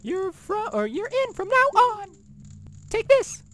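A man voicing a haughty female thief leader in a high falsetto, reading game dialogue with mock grandeur. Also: wildly swooping pitch, takes it slowly, a bit bright, heavily acted.

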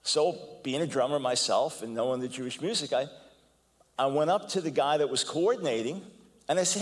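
An older man giving a lecture as a guest speaker, telling stories in an animated way, often repeating words as he goes and acting out quotes. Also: mid-range voice, brisk. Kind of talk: storytelling lecture. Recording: long hall reverb.

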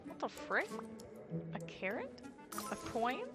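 A woman's voice: mid-range voice, normal speed, over music. A young woman giggling and gasping through casual let's play commentary, chatty and full of "like". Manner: giggly and excitable, gasps and squeals often; chatty, heavy use of "like". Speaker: gaming channel host.

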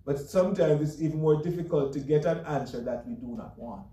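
A man with a warm, fairly quick voice on the high side preaches as pastor in a church sanctuary. He's earnest and emphatic, slipping light chuckles between points, and the mic sits far off in the echoey church room.

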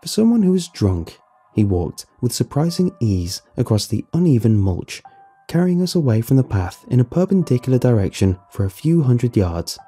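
Man, horror story narration, very dark tone, husky, lively pitch movement. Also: normal speed, soft background music.

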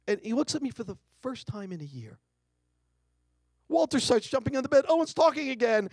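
A man's voice: extremely high pitch, animated, a little fast, a little mellow, no room sound, studio quality. A middle-aged man giving a keynote talk, telling a family story dramatically and acting out quotes. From United States. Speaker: keynote speaker. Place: lecture hall.

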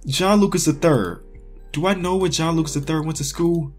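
A man's voice: on the high side, normal speed, soft background music. A man giving casual running commentary on a sports quiz, talking to himself and crying out in frustration. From Chicago area. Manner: excitable, talks to himself, cries out in frustration. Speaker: sports YouTuber.

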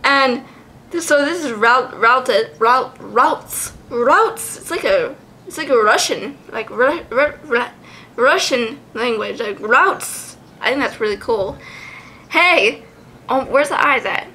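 A young woman with a high, bright voice in a relaxed, unhurried vlog chat. She giggles, sounds out names and swears freely. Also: a little hiss or hum. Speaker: card collection vlogger. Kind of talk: casual chat.

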